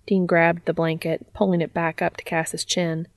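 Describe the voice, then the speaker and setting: A woman narrating a story in a calm, even reading voice. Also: fairly low pitch, moderate pace, few pauses, no room sound. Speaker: fanfiction reader. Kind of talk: audiobook narration.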